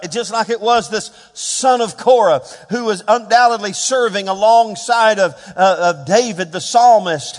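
A man preaching a sermon as a pastor, swinging between hushed, quiet passages and louder emphatic ones. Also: high-pitched, long reverb tail. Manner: dynamic preaching, dropping to hushed tones and rising for emphasis.

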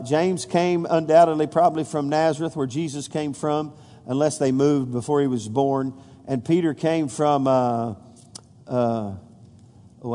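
A man with a mellow, mid-range voice preaches a folksy sermon, stumbling over fillers and restarts before rising with emphasis as he reads scripture. The recording carries the long reverb of a large hall.

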